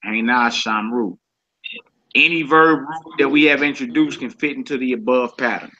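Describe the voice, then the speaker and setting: A man's voice: medium pitch, brisk, sharp tone. A man leading a casual group lesson in a laid-back, colloquial way, often repeating himself. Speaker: Hebrew teacher. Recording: dull lo-fi recording.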